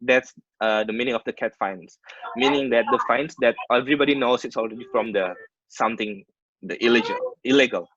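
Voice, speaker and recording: A man with an Indonesian accent lecturing on maritime English over a video call, in a mid-pitched voice. He works through ship terms and glosses them in Indonesian. The sound is dull and dry, typical of a muffled online meeting. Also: fairly quick, a bit bright, dry recording. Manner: explains terms by switching between English and Indonesian glosses, many restarts.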